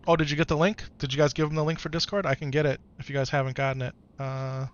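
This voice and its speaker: A man streaming live who talks softly and coaxingly with his young son, then reads and answers his chat in casual talk. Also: a little high, flat delivery, fast talker, lo-fi sound. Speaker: streamer and father. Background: game music.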